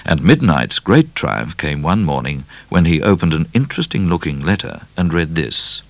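A man reading a children's storybook aloud in an expressive, measured way. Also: a bass voice, gravelly, dry recording. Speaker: narrator.

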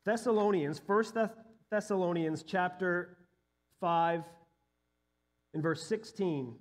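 A man's voice: high-pitched, slow. A male pastor in his thirties or forties giving a sermon, telling a personal story earnestly and building to emphatic peaks.

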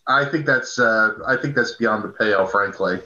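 A man's voice: on the low side, normal speed, sharp tone. A man co-hosting a casual movie review chat, making dry, wry remarks. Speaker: podcast co-host. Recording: roomy, dull lo-fi sound.

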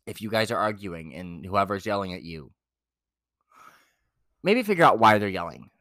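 A young man co-hosting a podcast, telling his dating stories in a blunt, profane, animated way. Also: fairly low pitch, moderate pace, no room sound, studio quality. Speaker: podcast co-host. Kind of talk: casual chat.

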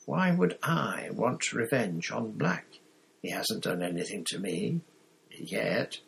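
A man's voice: on the low side, sing-song, takes it slowly, gravelly, fairly bright tone, husky, voice pushed up, heavily acted. A man reading an audiobook, voicing a troubled teenage schoolboy who mutters. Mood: puzzled. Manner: muttered, puzzled.

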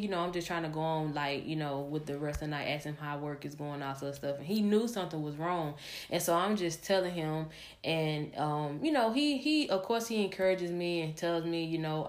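Young female podcast host, low voice, candid rambling storyteller. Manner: candid, rambling, many fillers and restarts. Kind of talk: personal storytelling.

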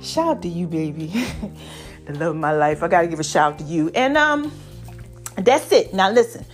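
Soft music plays behind a woman hosting a laid-back podcast at a moderate pace, her voice on the low side and a little hoarse from allergies. She's animated and drawn out, calling everyone baby and y'all.

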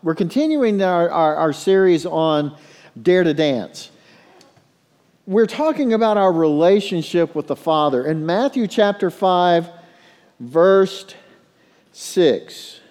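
A middle-aged man preaching a sermon as a pastor, telling stories and leading prayer in a hushed low voice. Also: lively intonation, slow pace. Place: church sanctuary. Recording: long reverb in a large hall.

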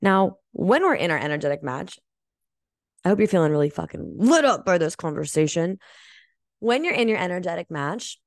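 A woman with a fairly low voice coaches her listeners in a motivational monologue. She is earnest and emphatic, swears casually, and slows down to stress her key words. The sound is dry and close. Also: vocal fry, dry recording. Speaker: podcast host and energy healing coach.

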